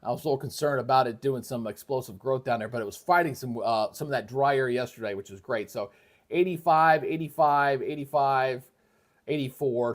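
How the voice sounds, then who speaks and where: Man, mid-pitched, casual live weather host, rambling, many restarts, home setup. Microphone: switches between microphones, moves away from them.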